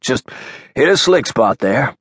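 A male audiobook narrator voicing a gruff, terse frontier man. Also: mid-range voice, sing-song, a little slow, a bit bright, no echo, clean studio sound, voice pushed up, full character voice. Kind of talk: audiobook character voice.

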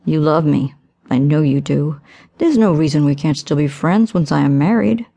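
A woman voicing a smug, manipulative young man who speaks in a suave, low, smooth voice. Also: lively intonation, normal speed, mellow, heavily acted. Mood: smooth coaxing.

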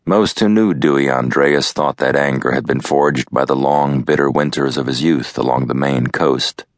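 A man narrates an audiobook in a measured, grave manner. His voice is extremely deep and gravelly, the pace slow, in a dry recording. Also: dry recording. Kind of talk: scripted narration.

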